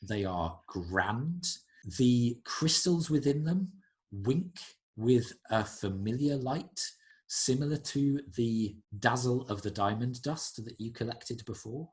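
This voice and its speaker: Lively-voiced man running a tabletop game. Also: mid-range voice. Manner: descriptive, unhurried scene-setting. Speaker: game master.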